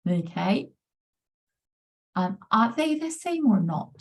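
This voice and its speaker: Speaking slowly with big pitch swings and a breathy edge, this medium-voiced woman from Peru leads a pronunciation workshop over video call. In this online presentation she's upbeat and encouraging, frequently using "amazing" and "brilliant."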